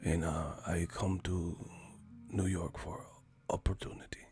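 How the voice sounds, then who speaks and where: A man doing a whispered role-play of a soft-spoken, emotionless male boxer in a slow, hushed, halting mumble. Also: deep voice, level tone, slightly rough, soft background music, voice pushed down, exaggerated voice.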